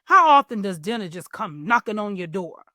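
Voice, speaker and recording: A woman voicing a hungry, boastful male fox who growls his lines loudly. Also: mid-range voice, sing-song, moderate pace, no echo, clean studio sound. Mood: gloating.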